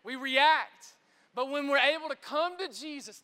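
A male pastor preaching an energetic sermon, stammering and repeating words and often asking "right?" to the congregation. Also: extremely high pitch, moderate pace. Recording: echoey large hall.

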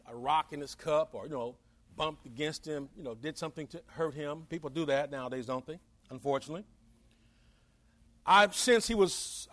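A man with a notably high-pitched voice delivers a sermon. He keeps it conversational and folksy, often talking straight to his listeners and acting out what the people in his story say. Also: fairly bright tone. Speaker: preacher.

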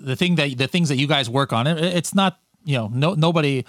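A man's voice: a little high, fairly quick, a bit bright, dry recording, studio quality. A man hosting an interview, talking casually and rambling with lots of fillers and restarts. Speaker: podcast host.

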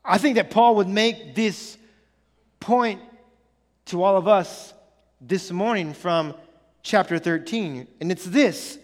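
High-voiced preacher in a big reverberant hall. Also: male voice, slow pace, long pauses. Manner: earnest, repetitive emphasis with many restarts. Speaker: pastor. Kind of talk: sermon.

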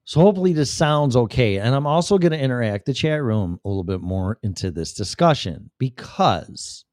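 Delivered at a slightly fast clip, his medium-pitched, slightly mellow voice carries lively intonation. The same man keeps hosting his livestream with a rambling, profane, casual rant full of abrupt vocal shifts, recorded dry at studio quality.

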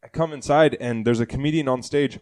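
A man's voice: mid-range voice, brisk, darkish tone. A man hosting a casual comedy podcast, a joking and riffing storyteller. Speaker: podcast host and stand-up comedian.

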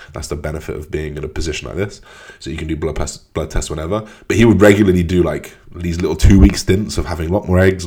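A man's voice: low-pitched, a little mellow, breathy edge. A man hosting his own podcast, answering listener questions in a loose, frank way and swearing casually. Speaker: podcast host.

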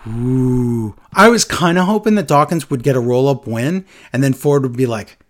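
A man chatting casually on a podcast, animated and acting out quotes in a lowered voice. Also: normal speed. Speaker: podcast co-host recapping wrestling. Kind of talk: casual chat.

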